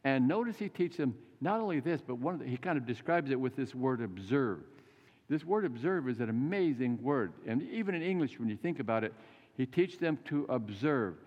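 An older man preaching a folksy, animated sermon in a church. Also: medium pitch, a little fast. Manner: folksy, animated storytelling with acted quotes. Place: church sanctuary. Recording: muffled church recording with long reverb.

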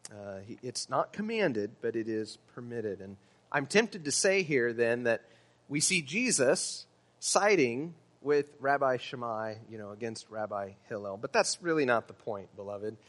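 A man's voice: medium pitch, lively intonation, unhurried, a bit bright. A man preaching a sermon as pastor, earnest and emphatic, with some ums. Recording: long hall reverb.

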